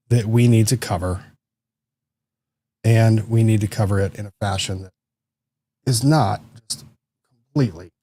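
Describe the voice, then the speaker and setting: A man's voice: lowish voice, a little slow, long pauses, dark tone, husky, no room sound. A man hosting a casual livestream from a home studio, chatting with viewers in a loose, self-deprecating way and reading their comments aloud while he fiddles with his desk microphone. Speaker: livestream host. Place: small home studio room.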